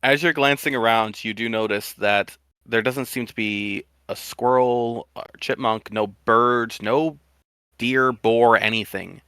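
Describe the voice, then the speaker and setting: A man narrating a fantasy adventure as game master, pausing and restarting as he paints the scene. His voice is bright and mid-pitched. The sound is close and dry. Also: fairly even intonation, clean tone, no echo. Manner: halting, descriptive, with restarts.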